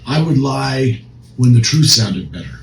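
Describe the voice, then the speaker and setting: A man with a medium-pitched, lively voice speaks a little slowly, co-hosting a recovery podcast as a counselor. His casual talk is earnest and emphatic, with frequent restarts. The room is echoey, with faint noise.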